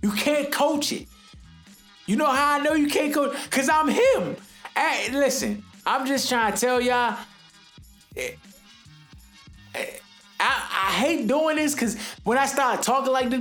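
A man's voice: extremely high pitch, animated, measured pace, fairly bright tone, soft background music. A man hosting a podcast, giving a casual, emphatic and rambling sports commentary, forever calling the listener dog and bro. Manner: rambling, with many restarts. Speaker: podcast host.

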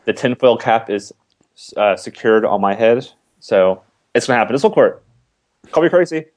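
A man's voice: medium pitch, animated, moderate pace, darkish tone. A man co-hosting a casual sports podcast who jokes and banters with his partner. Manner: joking, conspiratorial banter. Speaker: podcast co-host.

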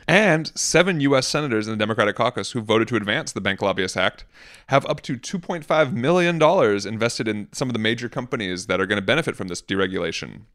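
A man's voice: on the low side, expressive, fast talker, fairly bright tone. Brief: male co-host, wry and joking, casual news-roundup chat. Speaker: podcast co-host.

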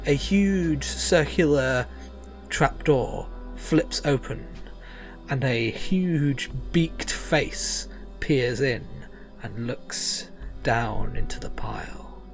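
A man running a tabletop game as game master, narrating in a halting way with many fillers. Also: mid-range voice, expressive, faint music behind. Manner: halting, full of fillers and chuckles.

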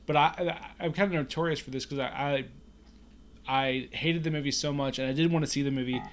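A man's voice: fairly high pitch, steady tone, a little fast, a little hiss or hum. A man co-hosting a podcast in casual chat, rambling and often cutting himself off mid-sentence. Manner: rambling, self-interrupting, chatty. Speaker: podcast co-host.

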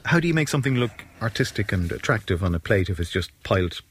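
A man's voice: on the low side, sing-song, fast talker, slight background noise. A man co-hosting a casual chat, dry and teasing, often correcting the host.

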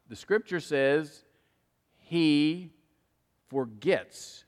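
A man's voice: a little high, drawn-out words, pauses often, in a large hall. A man preaching a sermon, earnest and speaking straight to his listeners. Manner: earnest, addresses listeners directly by name.

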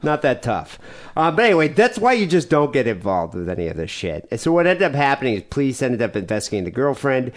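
Guy in his 40s chatting on a podcast, mid pitch, super lively, keeps laughing. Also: fast. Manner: storytelling, acts out quoted people, laughs often. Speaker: podcast host. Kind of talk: casual chat.

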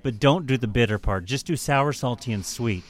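A man's voice: mid-range voice, normal speed. A man hosting a casual podcast chat who tells a story with heavy swearing and mockery and laughs often.

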